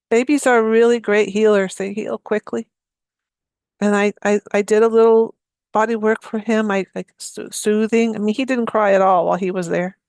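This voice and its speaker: A woman giving a talk, telling a story from her healing practice in a soft, conversational way. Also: medium pitch, no echo, studio quality. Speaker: speaker giving a free talk.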